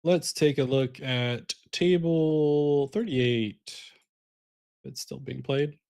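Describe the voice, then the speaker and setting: A man's voice: medium pitch, steady tone, extremely slow, gravelly, darkish tone, smooth. A man casting a live online card game tournament, talking casually and chatting with his viewers as he walks through the plays. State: sleepy, yawning. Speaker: caster.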